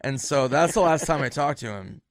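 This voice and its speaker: A male comedian telling a loose, rambling story in casual chat. He swears freely and drifts into soft, subdued tones. The recording is close and dry, with no room sound. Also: medium pitch, expressive, moderate pace, no echo. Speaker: stand-up comedian.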